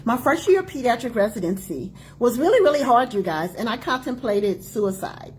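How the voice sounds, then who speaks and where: A woman in her forties, a doctor and author hosting her own book launch, talking live to viewers with emphatic repetition and quick greetings to people joining. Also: on the high side, very animated, a little hiss or hum. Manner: emphatic, repeats key phrases, calls out greetings to viewers. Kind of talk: live-streamed talk to viewers.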